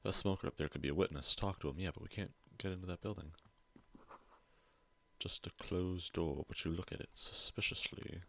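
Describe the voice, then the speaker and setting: A man's voice: low-pitched, a little fast, gravelly, fairly bright tone. A man streaming a game, reading its text aloud with playful asides in casual commentary. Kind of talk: casual let's-play commentary.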